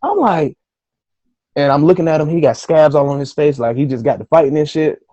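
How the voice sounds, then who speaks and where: A man guest on a podcast, telling a story in a casual, animated way, swearing freely and acting out his own reactions. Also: on the high side, a little fast, no room sound.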